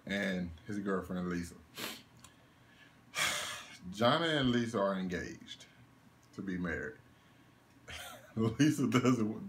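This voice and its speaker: A man's voice: deep voice, slight background noise. A young man giving a casual one-take movie review, ranting in disbelief, laughing and swearing as he goes. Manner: animated, laughing, incredulous rants with swearing.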